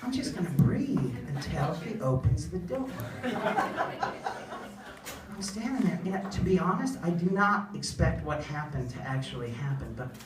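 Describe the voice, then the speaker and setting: A woman's voice: sits low, expressive, normal speed, heavy background noise. A woman doing a stand-up comedy routine in a small venue, rambling and self-deprecating as she tells stories. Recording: echoey club, distant mic, crowd.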